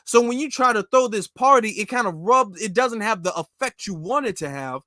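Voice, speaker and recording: A man hosting a live call-in talk show, speaking in a relaxed, conversational and supportive way. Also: high voice, normal speed, no room sound, clean studio sound.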